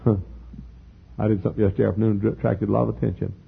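Older man preaching, folksy and earnest, low gravelly voice, raspy, tinny phone-like sound. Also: little pitch movement, rapid-fire. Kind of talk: sermon.

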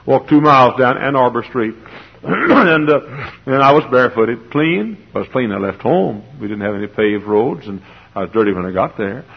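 A man preaching a sermon to a congregation, with an impassioned style that swells toward shouting, on a muffled old tape. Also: medium pitch, expressive, normal speed, vocal fry, husky. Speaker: pastor. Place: church sanctuary before a congregation.

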